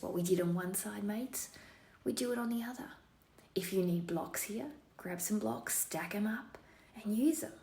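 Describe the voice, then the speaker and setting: A woman yoga teacher guiding a class in a playful put-on Australian accent, relaxed and encouraging with lots of slang. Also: mid-range voice, vocal fry. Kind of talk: guided yoga class instruction. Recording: roomy echo, faint room hiss.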